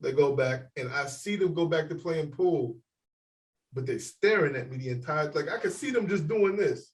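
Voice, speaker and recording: Animated man telling a profane story. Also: a little high, normal speed, recorded from a distance, low-quality recording. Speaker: podcast co-host. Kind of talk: casual storytelling.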